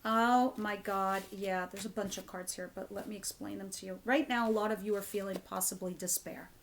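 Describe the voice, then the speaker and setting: Animated woman tarot reader, swearing freely. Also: medium pitch, moderate pace, slight background noise. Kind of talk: casual tarot reading to camera.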